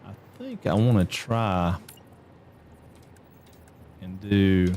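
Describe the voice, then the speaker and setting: A man's voice: sits low, very slow, a little mellow, slight background noise. A man giving casual gameplay commentary, muttering and thinking aloud as he builds. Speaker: streamer.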